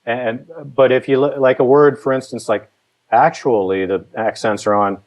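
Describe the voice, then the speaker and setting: A man chatting casually about songwriting, relaxed and a little rambling. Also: mid-range voice, moderate pace, rough recording. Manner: relaxed, rambling with restarts and fillers. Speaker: songwriting guest. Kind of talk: casual conversational advice.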